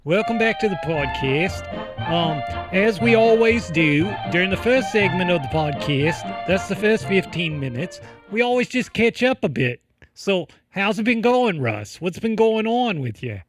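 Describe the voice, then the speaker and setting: A man's voice: sits high, sing-song, unhurried, over music. Man putting on a brash Aussie bloke host. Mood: bossy. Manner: bossy, slangy, calls everyone mate. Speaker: comedy podcast host. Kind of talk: improvised comedy podcast bit. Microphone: podcast microphone.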